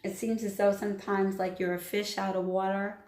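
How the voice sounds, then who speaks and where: A woman's voice: medium pitch, level tone, normal speed, a little mellow. Chatty emphatic woman in an echoey room. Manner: chatty, emphatic, repeats phrases, laughs at herself. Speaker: astrology channeler. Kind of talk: casual tarot-style reading to camera.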